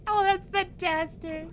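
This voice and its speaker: A woman's voice: very high voice, pushed and bright, slight background noise. A woman streaming a game, chatting casually with friends and laughing easily. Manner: giggly, easily amused. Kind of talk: casual gameplay chat.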